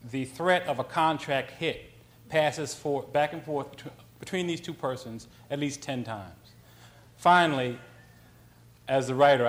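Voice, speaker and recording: Male author, lecture storytelling, animated and conversational. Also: medium pitch. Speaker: author giving a talk.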